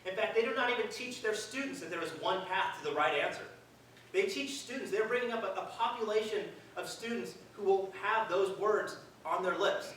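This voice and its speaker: A man's voice: high-pitched, fairly quick, fairly bright tone. A middle-aged man with a slightly raised voice gives a speech in a large hall, conversational and earnest with flashes of dry, self-mocking humor. The mic sits well away from him, so the room's heavy echo rings around every phrase. Faint noise runs underneath. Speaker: event speaker. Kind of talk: public speech to an audience. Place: large hall at a live event. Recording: very echoey hall, distant mic.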